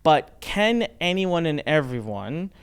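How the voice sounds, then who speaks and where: A man hosting a casual chat, telling a story in an animated way, laughing often and restarting his sentences. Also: a little high, slow pace, smooth. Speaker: host.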